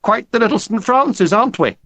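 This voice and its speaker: A man's voice: high voice, lively intonation, a little fast, pushed and bright, no room sound, voice pushed up, heavily acted. A man reading an audiobook, voicing a teasing school matron who puts on a heavy mock Spanish accent. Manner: mocking, theatrical.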